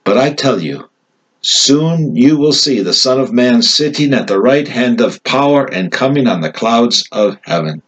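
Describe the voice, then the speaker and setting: A man's voice: mid-range voice, animated, a little slow, breathy edge, pitched above the performer's own voice, poor audio. A man reading the words of Jesus as an earnest teacher under questioning in a scripture reading, his voice lifted and emphatic.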